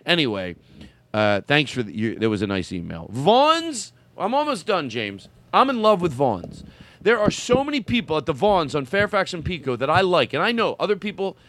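A man hosting a comedy podcast, talking in an excitable, rambling way with many restarts. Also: a little high, brisk. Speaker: podcast host. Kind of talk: casual comedy podcast chat.

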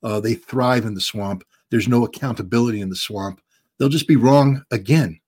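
A man in a mid-pitched voice gives blunt answers in an interview. He keeps doubling up words and dropping in "um"s while he hunts for the next phrase. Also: normal speed, darkish tone, slightly rough. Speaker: guest commentator.

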